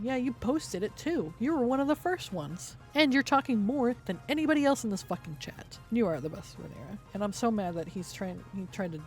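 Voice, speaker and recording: A woman's voice: on the high side, expressive, a little fast, few pauses, darkish tone, soft background music. A woman streamer giving heated, profane, sarcastic commentary on a livestream while reading through a document.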